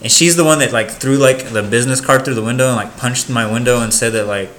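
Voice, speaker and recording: A young man co-hosting a podcast in casual chat, animated and swearing freely as he tells stories. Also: fast talker, a little hiss or hum. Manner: animated storyteller, mimics customers in high voices, swears a lot. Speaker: podcast co-host.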